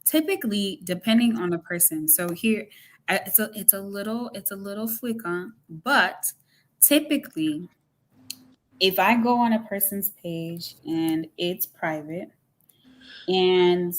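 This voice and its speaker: A woman's voice: mid-range voice, measured pace. A woman co-hosting a casual chat show, reading messages aloud with mock precision and trading frank, laughing banter. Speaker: co-host.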